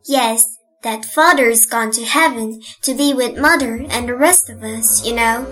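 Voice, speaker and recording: Faint music sits behind a woman whose fairly high voice moves at an unhurried pace with a sharp edge. She's narrating an audiobook as an earnest, happy orphan of roughly eleven, talking with wide-eyed, chatty eagerness.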